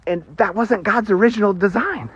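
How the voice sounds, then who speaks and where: A man preaching a sermon, animated and prone to nervous giggling as he explains scripture. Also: sits high, a little slow, slightly rough. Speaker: pastor. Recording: dull lo-fi recording.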